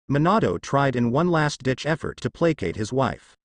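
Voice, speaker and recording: Male storyteller for fan fiction, steady read with a lively pitch. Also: normal speed, dry recording. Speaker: narrator.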